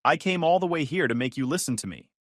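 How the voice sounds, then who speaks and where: A man voicing a drunk, furious young woman who yells at her ex and breaks into tears. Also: animated, quick pace, no room sound, studio quality. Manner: shrill yelling, voice cracking. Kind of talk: storytelling voice acting.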